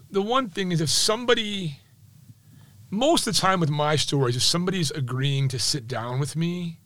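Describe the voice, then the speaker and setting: A man, a sports journalist, telling anecdotes in a podcast interview in a lively, chatty way, with many asides like "right?". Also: a little high, no room sound. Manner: animated, chatty, full of "like" and "right?".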